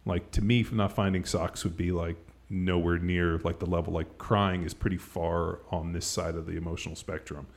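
A man's voice: low voice, flat delivery, normal speed, few pauses. A middle-aged man hosting a podcast, chatting in a rambling way full of "like" and "you know", and laughing easily. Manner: rambling, filler-heavy, lots of "like". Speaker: podcast host. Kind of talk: casual chat.

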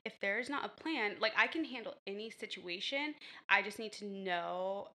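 Brash, bright-voiced woman co-host. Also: mid-range voice, normal speed. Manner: brash, confident, swears freely. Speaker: podcast co-host. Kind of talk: casual chat.

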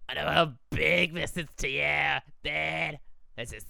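A man giving excitable, casual reaction commentary to a movie, talking back to the screen and humming along. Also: a little high, takes it slowly, creaky, no room sound.

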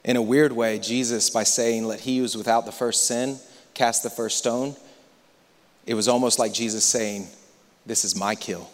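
A man preaching a sermon as pastor, moving between hushed, near-whispered passages and loud, impassioned stretches. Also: mid-range voice, fairly even intonation, normal speed. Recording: long reverb of a large hall.

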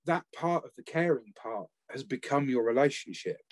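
A man, talking earnestly and haltingly about caring for his late spouse in a conversational interview. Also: medium pitch, animated, darkish tone, dry recording. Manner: earnest, reflective, halting with restarts. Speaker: bereaved former family carer, guest.

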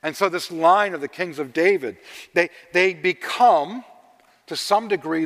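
A man preaching a sermon, telling stories and swinging between loud emphasis and hushed asides. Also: sits high, moderate pace. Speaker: pastor. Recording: long reverb of a large hall.

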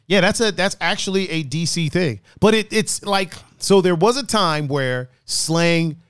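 A man's voice: high voice, unhurried, a bit bright, smooth, no room sound, studio quality. A man with a generic East Coast American accent, chatting casually on a stream, laid-back and full of slang.

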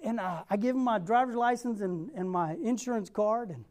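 A young man preaching a sermon, telling a personal story and acting out the dialogue with lively energy. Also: high voice, fairly quick. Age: young adult. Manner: repeats a rallying question.

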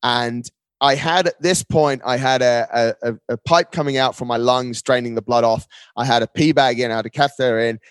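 Man, podcast guest, lively storyteller, says "mate" a lot, dry close-miked sound, mid-pitched voice. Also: fairly quick, smooth, no room sound. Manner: animated, often says "mate". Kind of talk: casual storytelling conversation.

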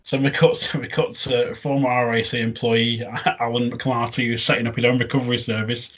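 A man's voice: mid-range voice, level tone, a little fast, a bit bright, lo-fi sound. A man, chatting casually as a podcast co-host and laughing often as he recaps an episode. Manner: chatty, laughing often, quoting lines in funny voices.

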